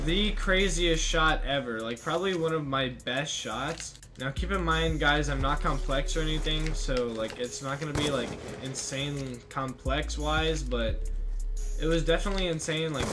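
A man's voice: fairly high pitch, background noise. A young man telling a gaming story as a channel host, rambling casually with lots of fillers. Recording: music playing behind.

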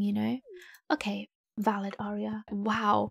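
A woman's voice: on the high side, a little fast, creaky. Chatty young woman gaming. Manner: chatty and giggly, with gasps and hushed asides. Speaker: gaming YouTuber and streamer. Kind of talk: casual let's-play commentary.

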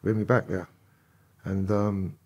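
London man, podcast guest, husky and coarse-spoken, sweary storyteller. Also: low voice, level tone, slow, a little mellow. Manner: profane, rambling street talk. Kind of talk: casual storytelling interview.

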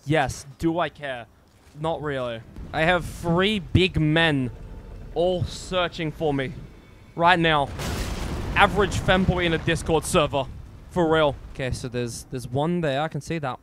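A man's voice: on the high side, a little hiss or hum. A man commentating his own gameplay live, swearing and talking back to the game. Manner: profane, excitable, swears at the game. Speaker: streamer.

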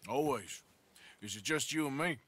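A man's voice: mid-range voice, animated, moderate pace, a crowd in the background, natural voice. A man playing a laconic outlaw gunslinger. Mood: dry. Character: gruff adult male outlaw gunslinger. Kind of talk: video game voice acting.

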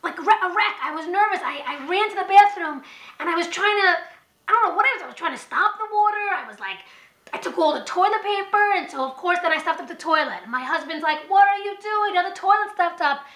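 Thirtysomething woman rambling through a story, lots of restarts, sharp bright voice. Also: extremely high pitch, fast. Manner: animated, rambling, frequent restarts. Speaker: mother telling her birth story. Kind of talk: personal storytelling to camera. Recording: echoey room.

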